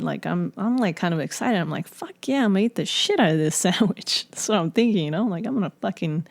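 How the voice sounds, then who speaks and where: A woman's voice: on the low side, darkish tone, no echo. A woman telling a personal story in casual podcast talk. She rambles with lots of filler words and curses freely. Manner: profane, rambling, full of fillers. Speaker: podcast guest.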